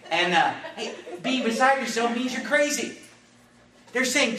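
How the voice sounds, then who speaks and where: High, bright-voiced excitable preacher man. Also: measured pace. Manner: emphatic, excitable preaching with rising shouts. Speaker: pastor. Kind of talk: sermon. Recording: echoey hall from far off, faint noise.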